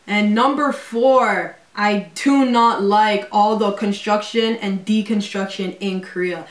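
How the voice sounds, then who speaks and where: A woman's voice: medium pitch, fairly even intonation, far from the mic. A woman in her twenties vlogging casually at home, talking in slang and filling her talk with "like" and "yo". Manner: slangy, full of 'like' and 'yo', quick asides. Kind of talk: casual vlog. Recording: roomy echo, away from the mic.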